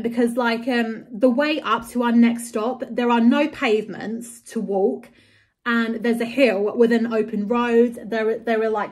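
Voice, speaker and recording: A young woman, ranting in a casual vlog about a bad summer, exasperated and rambling with lots of fillers and swearing. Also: fairly high pitch. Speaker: vlogger.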